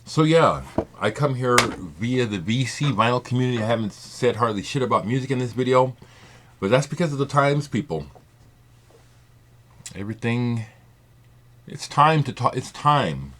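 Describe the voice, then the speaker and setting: A man's voice: mid-range voice, lively intonation, moderate pace, pauses often, a bit bright, slight background noise. A man speaking in an impassioned, rambling monologue to his video audience. He repeats his points and swears for emphasis. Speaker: vinyl community video maker.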